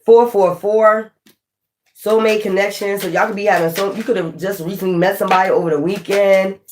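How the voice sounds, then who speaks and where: A woman from North Philadelphia with a Philly accent, chatting bluntly and roughly on a tarot livestream, swearing freely. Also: mid-range voice, fairly even intonation, fast, a little hiss or hum. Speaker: tarot reader. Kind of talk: casual livestream chat.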